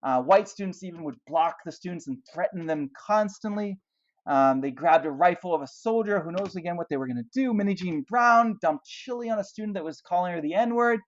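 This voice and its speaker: A man delivers a classroom history lecture, walking listeners through pictures and posing rhetorical questions along the way. His voice sits a little high for a man. The recording sounds dull and lo-fi. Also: animated, a little fast. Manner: explanatory, asks rhetorical questions, points to pictures. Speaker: history teacher.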